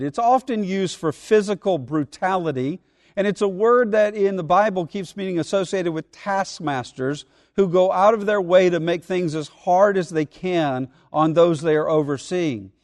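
A man preaching a sermon as pastor, deliberate and emphatic, repeating key words and restarting phrases. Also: high voice, darkish tone, no room sound, clean studio sound, in a large hall.

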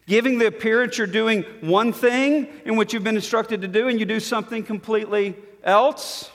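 A man with a high voice delivers a sermon from the pulpit, his words ringing with a long hall reverb. He drops to hushed, low tones for weight, then builds back up to emphatic, insistent statements. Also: fairly even intonation, normal speed. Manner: dynamic preaching, dropping to soft low tones and rising to emphatic. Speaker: pastor.

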